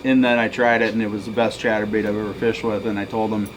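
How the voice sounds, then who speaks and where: A man's voice: fairly low pitch, flat delivery, fast talker, a little hiss or hum, low-quality recording. Man explaining fishing tackle plainly. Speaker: bait shop owner. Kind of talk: casual advice chat.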